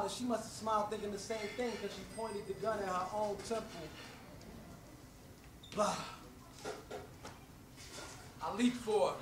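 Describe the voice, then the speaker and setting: A man's voice: very high voice, fairly bright tone, slight background noise. A man performing spoken-word poetry with an intense, rhythmic rhyming delivery. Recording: roomy, distant, faint ambience.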